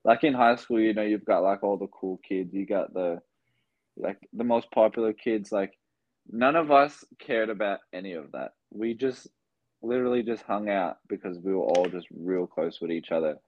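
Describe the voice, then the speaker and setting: With a fairly low pitch at normal speed, this young Australian-accented man tells filler-heavy stories as a basketball-player guest in a relaxed interview. The audio is narrow and tinny, with no echo.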